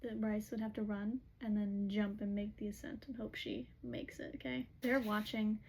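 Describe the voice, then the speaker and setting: A woman's voice: medium pitch, little pitch movement, normal speed, darkish tone, slight background noise, rough recording. A woman casually recapping a book's plot, chatty and filled with "like"s as she retells what the characters say. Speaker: book recap host.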